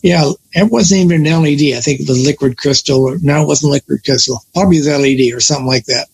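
A man's voice: fairly high pitch, fast, creaky, a little hiss or hum, low-quality recording. An older man telling long stories from his working life in a casual conversation, often stopping to correct himself. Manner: rambling storyteller, self-correcting. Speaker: guest.

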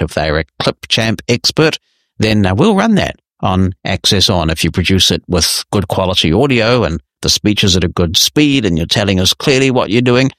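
A man's voice: low-pitched, fairly bright tone, no echo, studio quality. A man hosting a technology podcast, answering listener emails in a conversational, explanatory and lightly wry way. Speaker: podcast host.

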